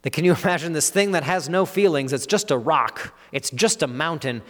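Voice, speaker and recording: A man preaching a sermon on a psalm, earnest and halting, with frequent restarts and "you know" fillers. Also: on the high side. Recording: long hall reverb.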